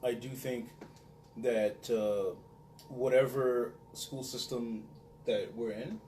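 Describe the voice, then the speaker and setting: A man and father sharing measured, reflective takes in a casual podcast chat. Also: mid-range voice, steady tone, a little mellow, a little hiss or hum. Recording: roomy room, distant mic, faint ambience.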